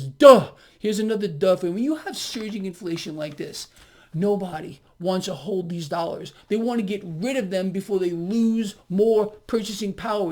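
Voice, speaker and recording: A man's voice: high-pitched, a little mellow. A man giving a market commentary monologue on his video blog, emphatic and sarcastic, repeating his key words with ironic asides. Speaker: financial vlogger.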